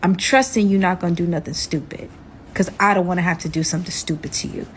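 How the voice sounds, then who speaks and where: A woman's voice: on the low side, fairly even intonation, quick pace, a little hiss or hum, voice pushed down, lightly acted. A woman voicing a menacing young man on the run, speaking in blunt, curt, threatening lines.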